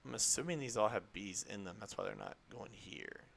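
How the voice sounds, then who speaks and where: A young man streaming a game live, chatting in a rambling, excitable way to his viewers and to the creatures on screen. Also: lowish voice, a little fast, vocal fry, a little hiss or hum. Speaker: gaming streamer. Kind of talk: live gameplay chat.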